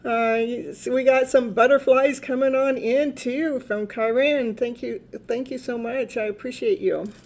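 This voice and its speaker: A woman's voice: on the high side, fairly even intonation, a little slow, few pauses, darkish tone. A woman, a tarot reader hosting a live stream in casual, rambling chat, laughing often.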